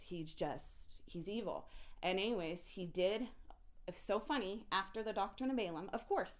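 A woman telling an emotional personal story in an intense, animated way, often restarting her sentences. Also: on the low side.

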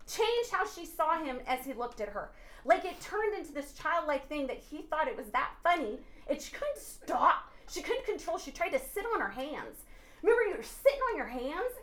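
A woman on a podcast sharing an animated faith testimony, earnest and preachy, often bursting into laughter and exclamations. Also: high-pitched, normal speed. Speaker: podcast guest. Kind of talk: excited faith testimony chat.

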